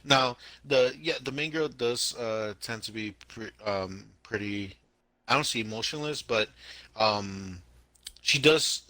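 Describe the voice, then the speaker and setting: A man co-hosting a casual podcast chat, talking in an animated, emphatic way and repeating himself for effect. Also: medium pitch, slow, no room sound. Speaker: podcast co-host.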